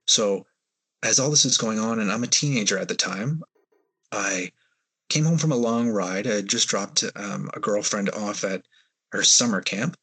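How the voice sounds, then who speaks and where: Male podcast guest, low husky voice, rambling storyteller with fillers. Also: normal speed, bright, forceful tone. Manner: hesitant, rambling retelling with fillers. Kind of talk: storytelling in an interview.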